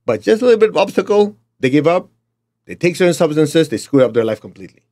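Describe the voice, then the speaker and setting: A man's voice: on the high side, sing-song, fast talker, darkish tone. A middle-aged man with a Chinese accent giving a blunt, emphatic motivational talk to his students. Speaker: motivational teacher.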